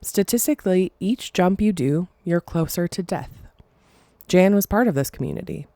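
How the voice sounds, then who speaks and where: Low, gravelly woman with a dry mellow voice. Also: lively intonation, no echo. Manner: halting, apologizes for stumbling over words. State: emotional, choked up. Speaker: podcast host. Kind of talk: casual solo podcast storytelling.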